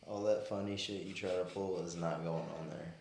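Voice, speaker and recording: Low gravelly man, dry teasing. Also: normal speed. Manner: dry, teasing, refuses flatly. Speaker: guest. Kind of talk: casual chat. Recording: echoey room, faint background noise.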